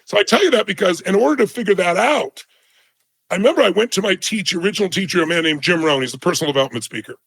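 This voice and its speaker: A man's voice: high voice, animated, very fast, gravelly, fairly bright tone, breathy edge. A middle-aged man, a guest in an interview, telling a personal story emphatically and acting out the people in it. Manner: emphatic, dramatic storytelling with voiced quotes.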